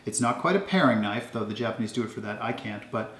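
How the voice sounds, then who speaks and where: A man casually showing off his kitchen knives at home, talking in a relaxed, rambling way with lots of ums. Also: lowish voice, fast talker, roomy sound. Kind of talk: casual show-and-tell.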